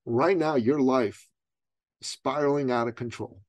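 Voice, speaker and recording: Man doing a blunt male coach, quiet, flat, unflinching, dry close sound. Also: mid-range voice, unhurried, no echo, close to an everyday voice. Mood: stern.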